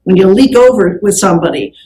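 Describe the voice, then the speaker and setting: A woman giving a keynote talk on customer service. She tells her stories in a lively way, acts out the people she quotes and laughs often between phrases. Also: medium pitch, quick pace. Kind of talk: keynote talk to a business audience. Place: event hall with an audience. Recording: roomy hall sound.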